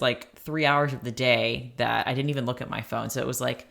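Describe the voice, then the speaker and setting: A woman's voice: rumbling low, steady tone, moderate pace, creaky, fairly bright tone. A woman co-hosting a podcast in casual chat, giggling often and talking with many fillers. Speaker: podcast co-host.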